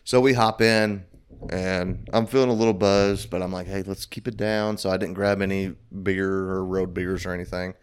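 A man with a slightly low voice tells a rambling, profane anecdote in casual podcast chat. He drifts from one detail to the next and swears freely along the way. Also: little pitch movement, normal speed, slight background noise. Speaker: podcast co-host.

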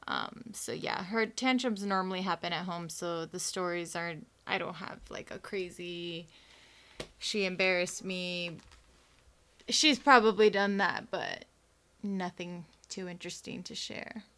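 A woman in casual chat, relaxed, laughing easily, sharing stories about her kids. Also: on the low side, unhurried.

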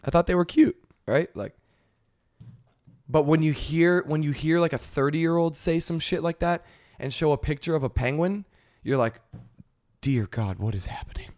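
A man's voice: a little high, normal speed, a little mellow. A man hosting a podcast, ranting casually and comedically in a profane, exasperated, rambling way. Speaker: podcast host.

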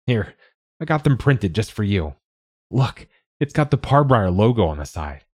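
A man voicing a husky, encouraging storybook dad. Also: on the low side, very animated, moderate pace, darkish tone. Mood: concerned. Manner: reassuring, earnest pep talk. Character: supportive middle-aged father, encouraging, affectionate. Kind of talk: audiobook dialogue.

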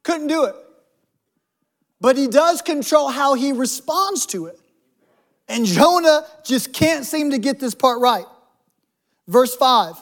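High-pitched male pastor, chatty sermon style with jokes thrown in. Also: animated, slow pace, long pauses, fairly bright tone. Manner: humorous, conversational preaching with asides.

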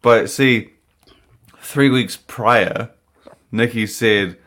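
A man's voice: medium pitch, drawn-out words, fairly bright tone. A man co-hosting a casual podcast, telling an anecdote with lots of swearing. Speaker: podcast co-host. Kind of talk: casual storytelling among friends.

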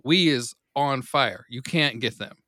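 A man's voice: mid-range voice, unhurried, no room sound, studio quality. A man co-hosting a podcast, chatting casually and telling an anecdote, acting out the people in it. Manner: animated storyteller who acts out quotes. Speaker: podcast co-host. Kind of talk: casual chat, storytelling.

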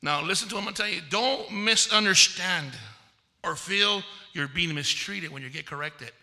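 A male pastor preaching in a big conference hall, his voice pitched high for a man and strikingly bright and forceful. His delivery is animated, and he slips into the voices of the people in his stories. A long reverb trails every phrase. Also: moderate pace. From Texas. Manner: animated storytelling, acting out quoted voices. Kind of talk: conference sermon.

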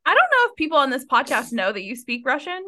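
A woman co-hosting a book podcast, chatting casually and swearing freely. Her voice sits a little high, swings widely in pitch and has a bright, forceful edge. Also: fast talker. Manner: animated, laughing, swears freely. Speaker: podcast co-host.

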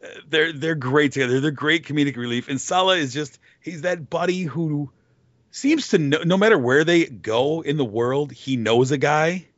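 A man's voice: fairly high pitch, normal speed, a bit bright, no echo. A man co-hosting a casual movie podcast, teasing his partner and playfully slipping into quoted voices. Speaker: podcast co-host. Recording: dry, dull lo-fi sound.

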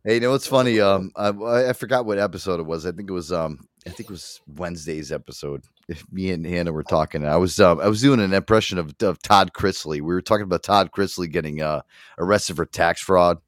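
A man's voice: low voice, fairly quick, no echo, clean studio sound. A man hosting a podcast, telling stories with lots of swearing and laughter. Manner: profane, laughing, animated storytelling. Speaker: podcast host. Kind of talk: casual chat.

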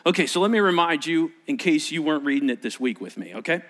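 Animated male pastor preaching. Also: fairly high pitch, quick pace. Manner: animated, acts out the story's voices, repeats words. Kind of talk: sermon.

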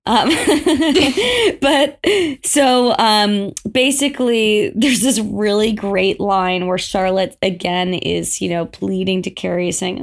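A woman's voice: mid-range voice, takes it slowly, gravelly. A woman co-hosting a casual TV recap chat, laughing often and retelling scenes with animation. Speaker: podcast co-host.

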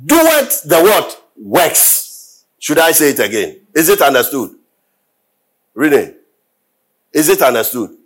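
A man preaching a sermon, repeating questions to his listeners and swelling into loud, drawn-out scripture readings. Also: mid-range voice, expressive, husky.

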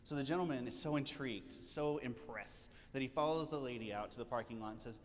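A man's voice: mid-range voice, brisk. A male pastor giving a casual, joking sermon from a church stage, full of fillers and asides. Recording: church hall reverb, faint noise.

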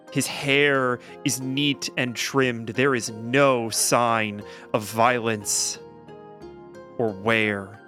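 Man narrating slowly, hushed. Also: mid-range voice. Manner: slow, hushed, descriptive narration. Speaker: game master. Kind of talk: narrating a tabletop game.

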